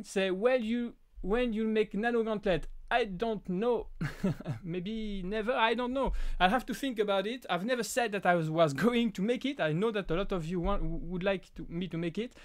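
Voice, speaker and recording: French-accented man with a high voice. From France. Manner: halting, frequent restarts and fillers. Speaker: live stream host. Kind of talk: casual live Q&A chat.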